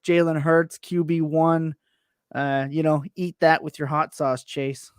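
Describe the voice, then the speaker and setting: A man co-hosting a casual podcast, talking excitedly and tripping over his restarts. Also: a little high, unhurried, smooth, dry recording, clean studio sound. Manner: excited, stumbling restarts, self-mocking. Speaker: podcast co-host. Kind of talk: casual fantasy football chat.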